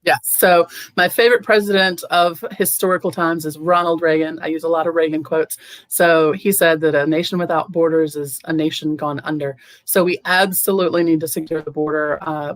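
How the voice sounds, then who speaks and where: A woman running for office, answering interview questions in an earnest way, often pausing on ums and restarting her sentences. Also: low-pitched, no echo. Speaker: political candidate guest.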